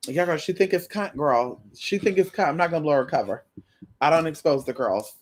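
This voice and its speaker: Her voice sits low and moves fairly quickly as this lisping commentary host speaks directly to the viewer. Casual and sassy in her reactions, she gets animated and drawls "girl."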